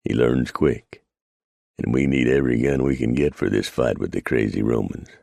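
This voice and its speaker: A man voicing a grizzled, dry-humored male mountain man with an unhurried frontier drawl, read as an audiobook. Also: very deep voice, gravelly, darkish tone, no echo, full character voice.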